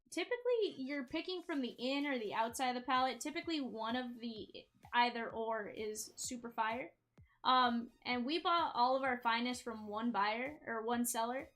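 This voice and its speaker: A woman hosting a live card-break stream, hyping each card she pulls and shouting out viewers in the chat. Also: fairly high pitch, moderate pace. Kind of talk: live-stream sales patter.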